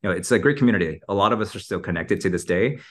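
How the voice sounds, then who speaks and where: Man, very deep voice, casual interview guest, talkative and upbeat. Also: expressive, racing. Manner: chatty and upbeat, lots of filler "like" and "you know". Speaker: podcast guest, marketing entrepreneur.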